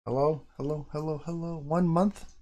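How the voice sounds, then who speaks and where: A man hosting a casual livestream, talking excitably to his chat and swearing freely as he reacts to what he sees. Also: fairly high pitch, moderate pace. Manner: profane, excitable, talks to chat. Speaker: livestream host. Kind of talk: casual live-stream commentary on crypto charts.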